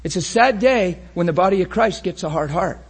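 Impassioned husky-voiced preacher man. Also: high-pitched, animated, brisk. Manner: impassioned, often shouting, acting out crowd reactions. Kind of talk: sermon.

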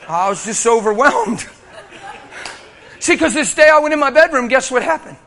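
Preacher, male, high bright voice, animated storyteller. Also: normal speed. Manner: animated storytelling, bursts into shouting and laughter. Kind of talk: sermon.

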